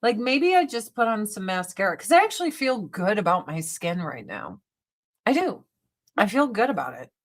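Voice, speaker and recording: A woman's voice: mid-range voice, big pitch swings, moderate pace. A woman livestream host in casual chat while doing her makeup, talking bluntly with heavy swearing. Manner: blunt, profane, ranting.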